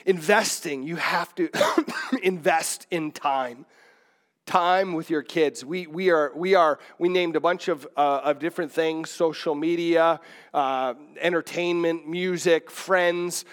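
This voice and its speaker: A man's voice: on the high side, fairly even intonation, takes it slowly. A middle-aged man, a pastor, preaching a sermon in a conversational, digressive way with many restarts.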